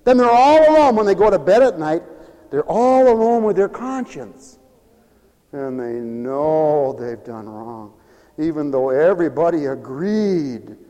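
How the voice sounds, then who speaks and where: A man with a high, lively voice preaches a sermon in a church hall, swinging his pitch widely and acting out other people's voices. His words ring with a long hall reverb, and he now and then rises to a shout for emphasis. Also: slow pace.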